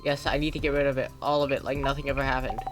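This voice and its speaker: A streamer reading game dialogue aloud as a quiet, troubled young woman who speaks softly. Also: medium pitch, little pitch movement, rapid-fire, close to an everyday voice. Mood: subdued. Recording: game music underneath.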